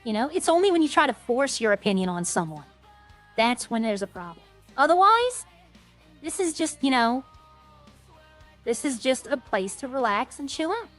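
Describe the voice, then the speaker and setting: A woman's voice: high voice, very animated, moderate pace, long pauses, soft background music. A woman streamer rambling in casual, self-deprecating chat with her viewers.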